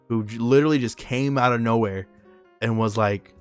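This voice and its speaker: A man's voice: mid-range voice, a little fast, smooth. Young guy hosting a chill podcast, slangy and cussing a lot, faint music behind. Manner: animated storyteller, slangy and profane. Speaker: podcast host. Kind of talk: casual chat.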